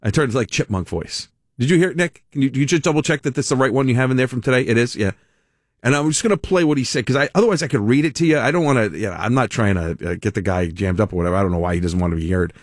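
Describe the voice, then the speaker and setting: A male radio host talks on air in a loose, rambling way. He stumbles into restarts and breaks into laughter. His mid-pitched voice sits close and dry on a studio mic. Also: animated, racing, no echo. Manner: rambling, laughing, self-interrupting. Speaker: radio talk show host. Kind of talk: casual on-air talk.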